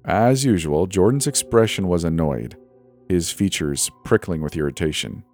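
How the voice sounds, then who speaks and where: A man with a very deep, low voice reads a scary story in a measured, dramatic way. Soft music plays faintly behind him. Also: lively intonation. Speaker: narrator. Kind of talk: horror story narration. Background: faint background music.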